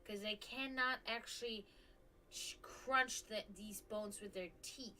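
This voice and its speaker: A woman's voice: mid-range voice, slow, sharp tone, slight background noise. A woman hosting a live stream, chatting casually and rambling, with frequent restarts and offhand swearing. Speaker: stream host.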